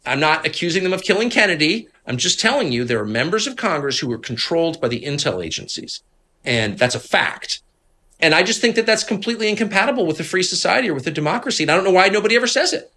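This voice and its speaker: Man, middle-aged, lively pitch, husky edge, indignant, emphatic, conversational interview. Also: fast. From Washington, D.C. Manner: animated, indignant, emphatic storytelling. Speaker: interviewed guest, political commentator.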